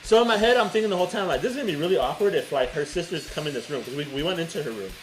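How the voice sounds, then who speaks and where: A man's voice: fairly high pitch, rapid-fire, faint music behind, poor audio. A man co-hosting a podcast, telling a story in casual chat and swearing freely. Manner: animated, swearing, laughing storyteller. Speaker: podcast co-host.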